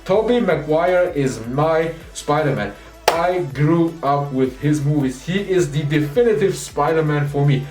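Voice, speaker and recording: Excitable man reviewing a movie in a roomy space. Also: fairly high pitch, measured pace. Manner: enthusiastic, rambling, acts out quoted lines. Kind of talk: excited spoiler review retelling scenes. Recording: roomy echo, distant mic, faint music.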